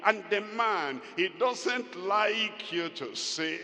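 A man preaching a sermon with emphatic, drawn-out phrasing and sudden loud rises. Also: high-pitched, very animated, in a large hall.

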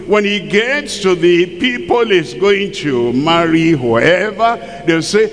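A man's voice: high voice, animated, slow pace, hardly any pauses. A man preaching a sermon, full of rhetorical questions and acted-out quotes. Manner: emphatic, rhetorical questions, acts out quoted people. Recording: long hall reverb.

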